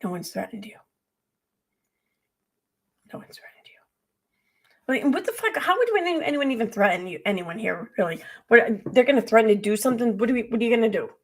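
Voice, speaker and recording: A woman talking through a reaction stream with a gravelly, fry-laced voice. She is blunt and sarcastic, swears freely and rambles from one point to the next as she picks apart what she has watched. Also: on the high side, very animated, quick pace, hardly any pauses. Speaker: commentary streamer. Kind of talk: casual reaction commentary.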